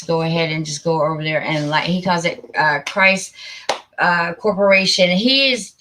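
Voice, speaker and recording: A woman's voice: fairly low pitch, fairly bright tone. A woman hosting a casual live stream, chatty and a bit flustered as she fiddles with her settings. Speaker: livestream host.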